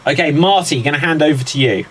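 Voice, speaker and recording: A man's voice: a little high, fast, a bit bright, a little hiss or hum, poor audio. A man hosting a live guessing game, upbeat and teasing, often laughing. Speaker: quiz host.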